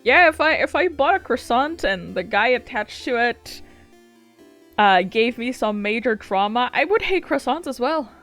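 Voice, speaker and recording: A woman streaming a game who reads story text softly and reacts with excited, sweary outbursts and frequent laughter. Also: fairly high pitch, normal speed, faint music behind. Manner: soft, hushed reading of story text. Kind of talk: casual let's-play commentary and reading game text aloud.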